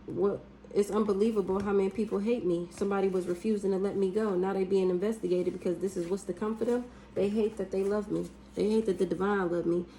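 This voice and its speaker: A woman's voice: medium pitch, warm tone, slight background noise, rough recording. A woman in a mid-range voice does a loose spiritual reading, speaking bluntly and cursing freely. She hums and exclaims as she goes. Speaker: spiritual reader. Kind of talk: casual spiritual reading monologue.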